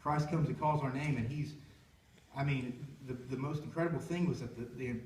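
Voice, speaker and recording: A man's voice: medium pitch, steady tone, moderate pace, darkish tone. Earnest young man in an echoey church. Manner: rambling, heartfelt storytelling with many restarts. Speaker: worship leader. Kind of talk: personal story before a worship song. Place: church sanctuary. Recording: echoey church room from far off.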